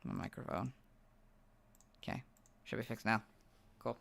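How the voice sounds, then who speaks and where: A young man who is losing his voice, muttering asides while editing on a livestream, then reading out stat entries loudly. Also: medium pitch, unhurried, creaky, long pauses, slight background noise. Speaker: video creator editing on a livestream. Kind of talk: casual livestream chat and reading out stats.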